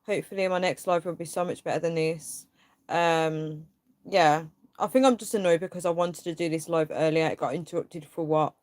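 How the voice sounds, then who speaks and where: A woman's voice: lowish voice, fairly even intonation, normal speed, a little mellow, dry recording. A young woman hosting a casual livestream. She reads viewers' comments aloud and vents her frustration in a rambling way, with lots of fillers. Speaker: livestream host.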